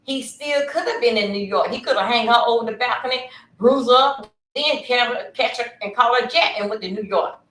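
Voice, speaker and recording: A woman's voice: a little high, brisk, fairly bright tone, reverberant, low-quality recording. A woman hosting a casual livestream, rambling and talking straight to her viewers from her computer. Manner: chatty, rambling, addresses viewers directly. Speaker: livestream host. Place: at home at a computer.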